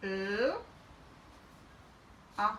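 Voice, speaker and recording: Woman teacher, phonics lesson, slow and deliberate, bright tone, recorded from a distance in an echoey room. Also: mid-range voice. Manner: slow and deliberate, sounding out each phoneme, talking herself through it. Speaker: infant school teacher. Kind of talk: phonics lesson, sounding out words. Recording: roomy and a bit distant, faint background hum.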